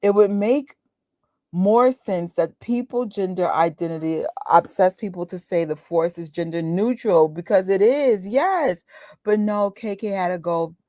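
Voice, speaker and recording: Chatty animated woman host. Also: mid-range voice, unhurried, dry recording, studio quality. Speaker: watch party host. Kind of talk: casual chat.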